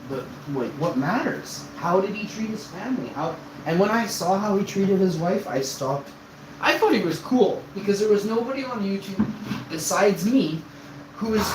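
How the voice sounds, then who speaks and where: A man in his forties delivers an exasperated, scornful rant straight to his viewers, his voice sitting a little high. The room rings with a noticeable echo. A faint hum runs underneath. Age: 40s. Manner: exasperated, scornful, calling someone out. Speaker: streamer. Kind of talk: ranting monologue to viewers.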